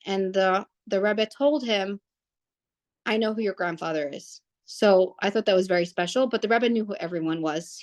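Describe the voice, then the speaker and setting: A young woman tells a family story in a casual, unscripted way. Her voice sits at a medium pitch. She rambles, often breaking off and restarting her sentences. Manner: rambling, with many restarts and fillers.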